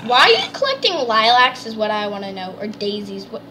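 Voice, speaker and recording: A woman hosting a let's play, chatting excitedly and explaining the game as she goes. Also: on the high side, fairly quick, a little hiss or hum. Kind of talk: casual gameplay chat.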